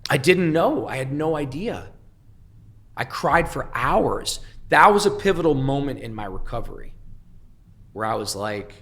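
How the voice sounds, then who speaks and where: A man's voice: medium pitch, very animated, a little slow, a bit bright. Blunt, profane male interview guest. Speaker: guest, entrepreneur. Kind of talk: candid interview storytelling.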